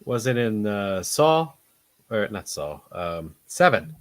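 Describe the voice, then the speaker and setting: A man hosting a casual podcast chat, animated and hesitant, with many fillers. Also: fairly low pitch, takes it slowly, no room sound. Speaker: podcast host.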